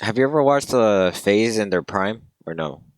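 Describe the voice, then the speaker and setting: A man's voice: lowish voice, lively intonation, normal speed. A young man co-hosting a podcast, chatting casually and jokingly, often trailing off. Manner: joking, rambling, trails off quietly. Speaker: podcast co-host. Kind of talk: casual chat.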